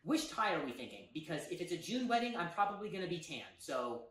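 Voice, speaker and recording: A man's voice: fairly high pitch, very animated, fast, sharp tone. A man from Las Vegas doing a scripted comedy bit about wedding planning that turns into a sponsored ad read.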